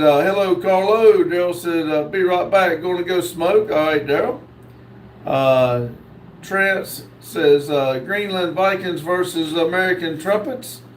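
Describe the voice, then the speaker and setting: A man hosting a live stream, reading viewer comments aloud and answering them, with many pauses and fillers. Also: on the high side, roomy sound, recorded from a distance, a little hiss or hum, low-quality recording. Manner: slow, reads comments aloud with many uhs. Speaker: host reading live chat. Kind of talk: casual live stream chat.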